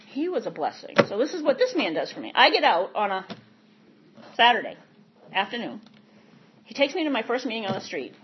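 Husky high-voiced woman. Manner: candid, animated storytelling with laughs. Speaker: speaker sharing recovery story. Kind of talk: personal testimony talk. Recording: muffled lo-fi recording.

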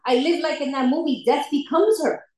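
A woman's voice: high-pitched, a little fast, a little mellow. A woman giving a candid personal recovery testimony at a meeting, laughing often as she tells her story. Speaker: speaker sharing at a recovery meeting. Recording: echoey room.

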